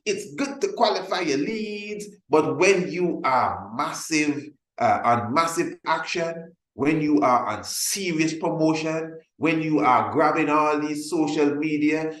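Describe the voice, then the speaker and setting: A man presenting a motivational sales webinar. He talks emphatically, repeats his points and acts out little scenes to make them. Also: on the high side. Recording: roomy echo.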